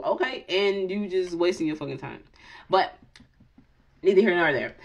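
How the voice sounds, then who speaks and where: A woman's voice: medium pitch, normal speed. A woman in her late thirties hosts a tarot video in casual, freewheeling talk, swearing, joking and laughing often as she mixes prayer with banter. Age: late 30s. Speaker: tarot reader and channel host.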